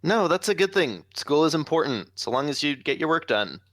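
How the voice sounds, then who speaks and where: A man playing a relaxed, teasing boss. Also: fairly high pitch, brisk, voice pushed up. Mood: easygoing. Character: easygoing male boss of a sandwich shop. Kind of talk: comic reading with friends.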